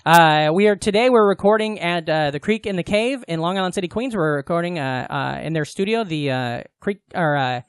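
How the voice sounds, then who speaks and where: A man's voice: fairly high pitch, brisk, hardly any pauses, smooth, dry recording, clean studio sound. A man co-hosting a comedy podcast, rambling and swearing in casual banter, full of fillers. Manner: rambling, profane, many fillers. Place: small comedy radio studio.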